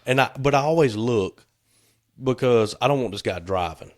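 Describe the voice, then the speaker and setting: A man's voice: mid-range voice, moderate pace. A middle-aged man, co-hosting a podcast, telling stories and laughing through the funny parts. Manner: laughs through his stories, acts out quotes. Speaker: podcast co-host. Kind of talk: casual storytelling chat.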